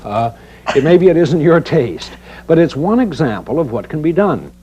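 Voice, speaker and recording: Brief: middle-aged male how-to host, lively folksy delivery, faint old VHS hiss. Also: a little high, moderate pace, rough recording. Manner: chatty, teasing, homespun explaining. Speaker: home improvement show host.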